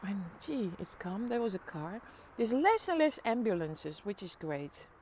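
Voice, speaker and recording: Chatty middle-aged woman, live vlog host, reads comments aloud, mid-pitch, easygoing. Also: unhurried, slight background noise. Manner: chatty, reads viewer comments aloud, bursts into excited squeals. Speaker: live-stream vlogger. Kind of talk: casual live-stream chat greeting viewers. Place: home by a window overlooking a city street.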